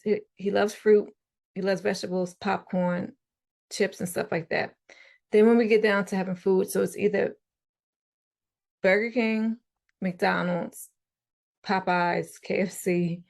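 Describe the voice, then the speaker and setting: A woman talking casually as a podcast guest, telling stories in a chatty, animated way. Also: medium pitch, creaky. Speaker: guest parent.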